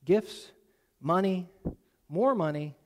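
A man preaching a sermon, retelling a story in a casual, animated way with asides to his listeners. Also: sits high, slow pace, in a large hall. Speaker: pastor.

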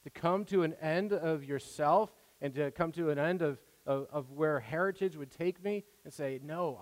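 Preacher with a high-ish voice in a reverberant hall. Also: male voice. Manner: earnest, conversational preaching with restarts and acted-out quotes. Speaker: pastor. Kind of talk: sermon.

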